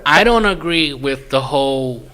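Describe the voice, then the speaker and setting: A man co-hosting a podcast in casual chat, animated and self-mocking, swearing freely. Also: medium pitch, measured pace. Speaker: podcast co-host.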